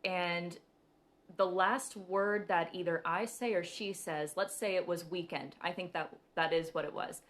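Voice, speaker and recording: A young woman talks casually on a live stream, her voice sitting a little low. She is chatty and giggles often, with plenty of ums as she explains spiritual signs to her viewers. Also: steady tone, measured pace. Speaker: spiritual reader and host.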